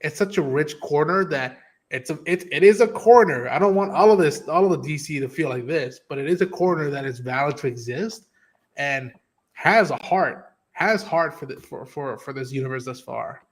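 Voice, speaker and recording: Host, male, slightly higher voice; lively, profane, conversational. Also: normal speed. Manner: animated, profane, acts out quotes. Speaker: stream host. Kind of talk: casual spoiler review chat.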